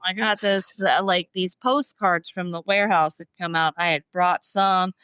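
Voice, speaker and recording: A middle-aged woman, a podcast guest, telling stories in an animated, expressive way. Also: fairly low pitch, moderate pace, smooth, dry recording. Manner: animated, expressive, often laughing. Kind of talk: emotional storytelling.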